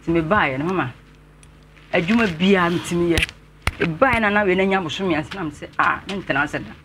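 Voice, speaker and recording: A high-pitched man with a Ghanaian accent appears as an interview guest, earnestly and politely telling his life story and respectfully addressing the host. The background is noisy.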